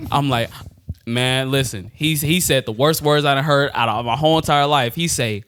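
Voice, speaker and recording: A young man on a podcast, casually telling a story in slangy, animated talk and laughing often. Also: mid-range voice, moderate pace, clear, resonant tone, dry recording. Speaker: podcast co-host.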